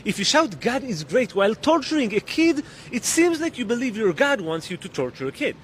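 A man with a high, very animated voice talks straight to his viewers. His scripted monologue is emphatic and pointed, built on rhetorical questions. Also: brisk, a little hiss or hum. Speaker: video creator.

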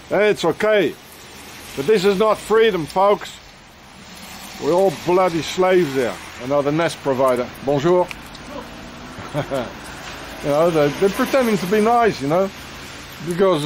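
A man delivering an angry, rambling rant outdoors in the rain, swearing often and filling every pause with "you know" and "eh?". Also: sits high, a little hiss or hum.

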